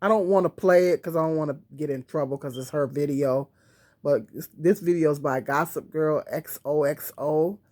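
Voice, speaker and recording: A woman's voice: deep voice, normal speed, darkish tone. A woman talking casually to camera on a tripod, rambling with many fillers and restarts. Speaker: vlogger. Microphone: phone or camera on a tripod.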